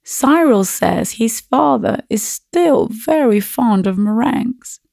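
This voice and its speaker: A woman voicing a gentle, fussy middle-aged aunt in a storybook reading, speaking brightly. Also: medium pitch, takes it slowly, gravelly, slightly rough, dry recording, clean studio sound, full character voice. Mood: coaxing.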